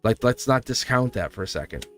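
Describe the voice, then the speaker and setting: A man's voice: mid-range voice, animated, fairly quick, fairly bright tone, faint music behind. Chatty, reassuring male tarot reader. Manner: chatty and reassuring, often asks "see?" and chuckles. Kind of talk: casual tarot reading to camera.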